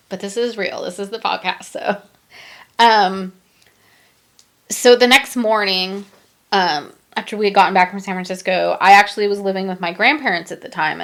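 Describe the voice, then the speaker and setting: A middle-aged woman hosts a podcast and tells a personal story. Her voice sits low, with a gravelly edge. She talks haltingly and emotionally, with many pauses and fillers. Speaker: podcast host.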